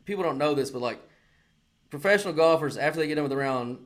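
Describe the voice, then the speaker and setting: A man's voice: on the high side, fast talker. Swearing man telling a story. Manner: animated storyteller, heavy swearing, acts out quotes. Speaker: podcast co-host. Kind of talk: casual chat.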